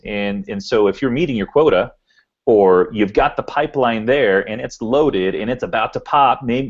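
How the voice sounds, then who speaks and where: A man hosting a sales podcast, responding in halting casual chat with many repeated words. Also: mid-range voice, lo-fi sound. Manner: halting, repeats words while thinking aloud. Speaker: podcast host.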